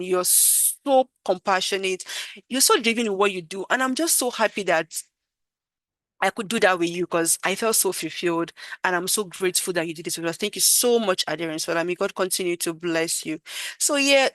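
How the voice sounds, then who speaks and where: A woman's voice: fairly low pitch, moderate pace, dry recording. A woman, a program participant giving an effusive, emotional thank-you speech over a video call. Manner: warm, effusive, gushing with gratitude.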